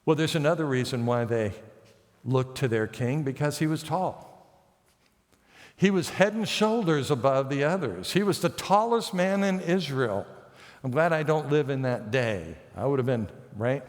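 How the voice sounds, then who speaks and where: A man preaching a sermon as pastor, telling the story lively and acting out the characters' lines with light self-mocking humor. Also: mid-range voice, moderate pace, big-room sound. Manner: storytelling, acts out the characters' quotes. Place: church sanctuary.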